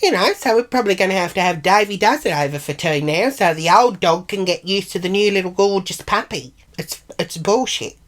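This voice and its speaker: A woman's voice: mid-range voice, expressive, a little fast, hardly any pauses. A middle-aged Australian woman vlogging in a chatty, blunt, sweary manner, acting out the arguments she retells. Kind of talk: casual monologue vlog.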